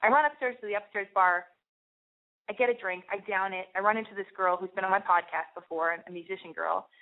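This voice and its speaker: Brief: young woman radio host, animated and foul-mouthed storyteller, thin phone-band sound. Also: mid-range voice, brisk, narrow, tinny audio. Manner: animated, profane, rambling with many restarts. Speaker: radio show host taking calls. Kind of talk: casual storytelling monologue.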